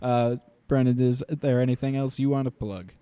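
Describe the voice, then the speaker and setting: A man's voice: medium pitch, fairly even intonation, moderate pace, dark tone, clear, resonant tone, no echo. A man hosting a podcast in casual chat, joking and laughing often. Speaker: podcast host.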